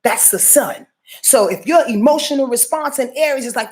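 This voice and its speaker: On her live astrology stream, this host speaks in a high, slightly mellow voice at a moderate pace. She's preachy, emphatic and full of slang and profanity, often restarting or repeating words amid plenty of filler sounds.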